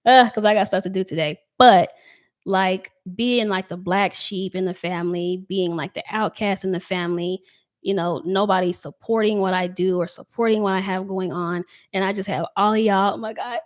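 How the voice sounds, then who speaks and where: A woman's voice: mid-range voice, steady tone, normal speed. A woman hosting a tarot livestream, chatting casually and reading viewer comments aloud. She talks in a heartfelt, emotional way. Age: adult with a child. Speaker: tarot reader livestream host.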